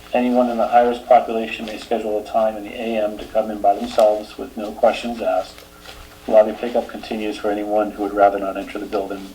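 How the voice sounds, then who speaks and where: A man with a Boston accent chairing a town meeting, reading announcements steadily and trailing off quietly. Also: on the low side, slight background noise, poor audio. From Boston area. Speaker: board chair.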